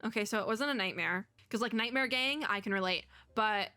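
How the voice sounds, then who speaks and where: A young woman doing let's play commentary, chatty and animated, reading game dialogue aloud. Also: mid-range voice, a little fast, clear, resonant tone, no room sound. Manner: chatty, animated, reads lines in voices, laughs often. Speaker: gaming YouTuber.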